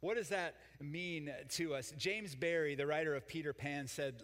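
A man's voice: on the high side, normal speed, hardly any pauses, a bit bright, in a large hall. An older man preaching a sermon as pastor, folksy and joking with the congregation. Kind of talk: sermon with jokes.

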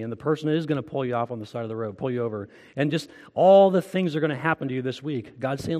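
A man's voice: mid-range voice, fast talker, hardly any pauses, mellow, big-room sound. A man preaching a sermon as pastor, earnest and conversational, asking the congregation direct questions. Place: church.

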